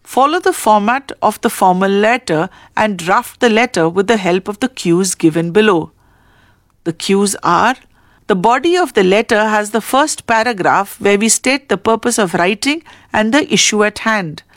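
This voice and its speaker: A woman's voice: medium pitch, animated, dry recording, studio quality. Woman teacher reading a lesson. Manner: slow, deliberate classroom reading with careful stress. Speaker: English teacher. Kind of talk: reading a textbook lesson aloud.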